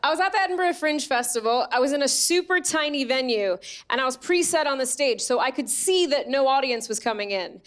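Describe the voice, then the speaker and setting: A woman's voice: high voice, animated, a little fast, a bit bright. An American woman from New York doing a chatty, self-mocking stand-up set on a theatre stage. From Staten Island, New York, USA. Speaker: stand-up comedian. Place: theatre stage before a laughing audience.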